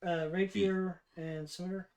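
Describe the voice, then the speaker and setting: Soft-spoken woman calling her dice rolls. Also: lowish voice, level tone, a little slow. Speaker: player. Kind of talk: casual tabletop game chat.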